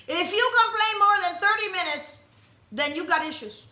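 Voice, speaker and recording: Woman preacher, high voice, really sharp and forceful, bouncing round an echoey room. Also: normal speed, a little hiss or hum. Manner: forceful, commanding, calls out to the congregation. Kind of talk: sermon. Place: messianic temple.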